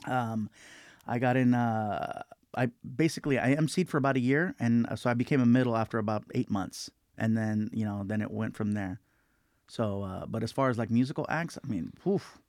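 A male stand-up comedian as an interview guest, talking in a relaxed, self-deprecating way with lots of fillers. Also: mid-range voice, normal speed, no echo, studio quality. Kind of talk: casual interview chat.

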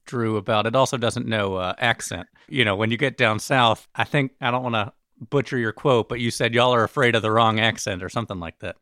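A man hosting a podcast, measured and steering the discussion in casual chat. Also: medium pitch, a bit bright, no room sound, clean studio sound. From Alabama. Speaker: podcast host.

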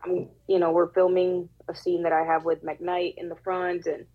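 An actress with a Puerto Rican accent tells a candid, emotional, profane story on a casual podcast. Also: female voice, on the low side, level tone, normal speed, narrow, tinny audio. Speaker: actress guest.

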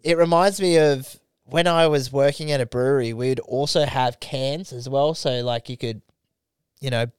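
A man's voice: mid-range voice, moderate pace, darkish tone, smooth, no echo, clean studio sound. A young man co-hosting a podcast, telling a story in laid-back, heavily sworn casual banter. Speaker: podcast co-host.

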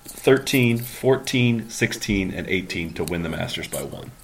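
A man hosting a casual podcast, with a voice on the low side. He talks eagerly and reels off stats and scores as he goes. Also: animated, unhurried, vocal fry, a little hiss or hum. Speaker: podcast host. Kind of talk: casual chat.

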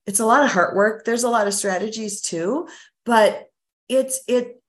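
A woman's voice: fairly high pitch, moderate pace. A woman guest, a parent coach, explaining her ideas in an earnest, teacherly way in a casual interview.

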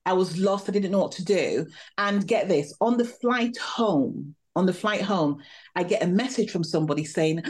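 A woman, a podcast guest, telling a personal story in a lively, animated way. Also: fairly low pitch, normal speed. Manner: animated, vivid storytelling with laughs. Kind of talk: storytelling interview.

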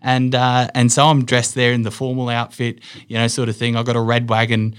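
Australian man, middle-aged, interview guest, rambling storyteller, fillers and restarts, mid-pitched voice. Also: monotone, brisk, clean tone. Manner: rambling, lots of fillers and restarts, laughs while telling stories. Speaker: guest, business owner.

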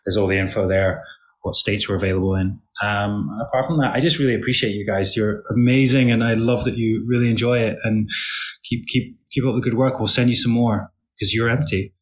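A man's voice: on the low side, steady tone. A man on a podcast as a guest, talking casually with thanks and many small restarts. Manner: warm, thankful, halting with fillers. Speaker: guest, spirits brand founder. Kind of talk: casual chat.

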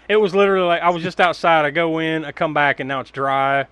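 A man's voice: on the high side, fairly even intonation, a little fast, fairly bright tone, clear, resonant tone, no echo. A man recapping a movie in casual chat, rambling, laughing often and swearing freely. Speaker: podcast co-host.

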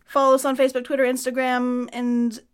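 Giggly woman co-hosting a podcast, a little high. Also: little pitch movement, brisk, clear, resonant tone. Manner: giggly, playful banter. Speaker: podcast co-host. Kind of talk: casual chat.

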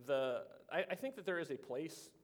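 A man's voice: on the high side, sing-song, moderate pace. A man co-hosting a casual chat, rambling and self-deprecating as he shares movie trivia. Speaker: podcast co-host.

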